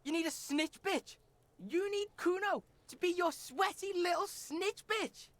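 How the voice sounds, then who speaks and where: A woman's voice: extremely high pitch, a little slow, no room sound. A sneering, foul-mouthed pre-teen boy, voiced by a woman. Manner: sneering, profane taunting.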